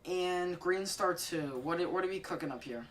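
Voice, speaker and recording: A woman giving casual gaming commentary, excitable, jokey and swearing a lot. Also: fairly low pitch, normal speed. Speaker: gaming video creator.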